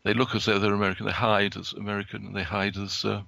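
A man with a heavily gravelly, creaky voice and a bright, sharp edge to it. He talks from prepared notes in a halting way, stopping and restarting his sentences often. The recording is close and dry. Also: on the low side, flat delivery, no echo. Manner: halting, with many restarts and fillers. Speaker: guest speaker.

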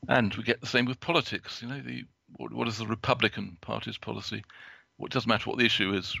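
Close and dry with no room sound, the recording captures a male guest speaker with a lowish, steady-toned voice that is heavily creaky and gravelly, carrying a bright, sharp edge. He reads prepared notes haltingly, with frequent fillers and restarts.

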